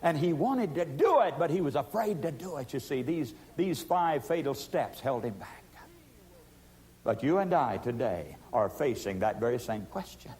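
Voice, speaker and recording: Emphatic male preacher, rising and hushed. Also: fairly high pitch, expressive, normal speed. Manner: emphatic, swings between loud pleading and hushed tones. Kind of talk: sermon.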